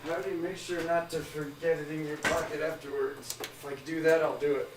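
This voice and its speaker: A man's voice: on the high side, fairly even intonation, brisk, reverberant, heavy background noise. A man chatting casually in a joking, self-deprecating way. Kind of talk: casual chat. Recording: crowd chatter behind.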